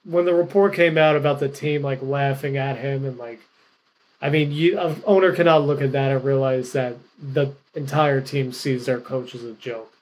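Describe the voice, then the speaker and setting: A man's voice: medium pitch, steady tone, moderate pace. A man co-hosting a casual sports betting podcast, talking in a chatty, rambling way full of "like" and "you know.". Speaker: podcast co-host picking games.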